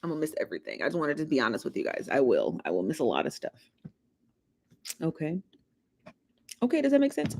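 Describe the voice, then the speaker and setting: A woman's voice: low voice, huge pitch swings, quick pace, creaky, long pauses, a little mellow. Chatty woman hosting a livestream. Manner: chatty, laughing, teasing the chat. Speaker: live show host. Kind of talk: casual livestream chat.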